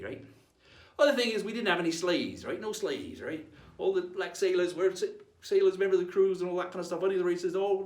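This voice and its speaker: A man presenting a playful in-character history lesson as a pirate captain, tagging nearly every line with "right?". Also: fairly high pitch. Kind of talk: in-character educational talk. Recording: echoey room, mic at a distance.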